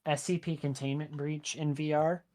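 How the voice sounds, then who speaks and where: A man chatting casually as a podcast guest, telling stories in an animated way and leaning on "like" and "right?". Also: a little high, normal speed.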